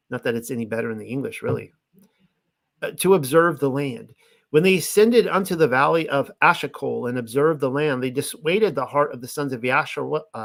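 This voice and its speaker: A man's voice: medium pitch, no room sound. A man reading scripture aloud and explaining it in a loose, chatty way as a Bible teacher. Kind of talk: casual scripture reading and commentary.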